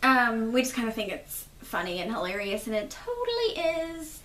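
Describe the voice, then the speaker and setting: A woman's voice: fairly high pitch, sing-song, moderate pace, a bit bright, reverberant. A young woman hosting her podcast in a casual chat, a little stuffy from allergies, rambling with fillers. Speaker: podcast host.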